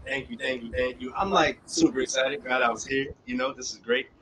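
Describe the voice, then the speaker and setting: A man's voice: mid-range voice, brisk, slight background noise, low-quality recording. A young man performing a dramatic spoken word poem that builds in intensity, then chatting casually about his work. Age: young adult. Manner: relaxed casual chat after the poem.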